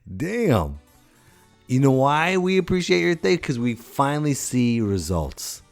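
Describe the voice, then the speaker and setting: A man's voice: medium pitch, very animated, a little slow, creaky, soft background music. A man hosting a podcast, delivering a joking, rambling comic monologue. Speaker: podcast host.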